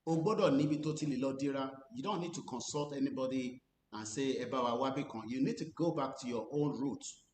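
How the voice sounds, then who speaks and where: A Nigerian man in mid pitch comments earnestly and deliberately, slowing down to stress key phrases. The room is echoey, with a faint rumble of noise underneath. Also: a little mellow. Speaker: activist commentator. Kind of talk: spoken commentary mixing English and Yoruba. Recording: roomy recording with faint rumble.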